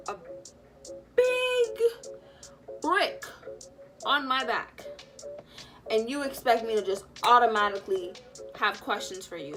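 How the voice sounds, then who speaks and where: A young woman casually retelling a personal story, animated and full of fillers, acting out what people said. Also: on the high side. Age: young adult. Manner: animated, lots of fillers, acts out quotes. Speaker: vlogger.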